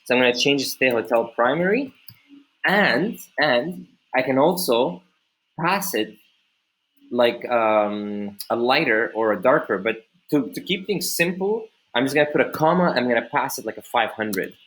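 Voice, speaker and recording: A man hosts a screen-recorded coding tutorial, his voice sitting at an ordinary middle pitch. He thinks out loud as he works, stumbling through restarts and fillers. He keeps turning to the viewer with rhetorical questions. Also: expressive, moderate pace, poor audio. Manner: casual, rambling, thinks aloud with many fillers and restarts; talks straight to viewers, asks rhetorical questions.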